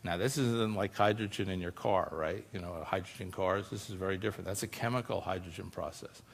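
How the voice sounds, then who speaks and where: A man's voice: low-pitched, fairly quick, creaky. A man giving a conversational public talk as a scientist, explaining informally and often tossing in asides to the audience. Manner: explains informally, often adds "you know" and "right?". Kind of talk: conversational presentation. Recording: long hall reverb.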